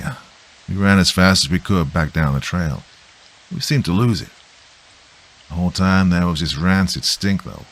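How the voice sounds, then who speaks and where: A man voicing a weary, gruff old grandfather with a folksy drawl, recounting a horror. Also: deep voice, fairly bright tone, poor audio. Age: older.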